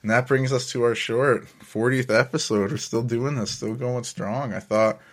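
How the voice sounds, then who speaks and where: A man's voice: mid-range voice, fairly even intonation, normal speed. A man hosting a casual solo podcast, telling stories in a laid-back way, often chuckling and swearing casually. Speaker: podcast host.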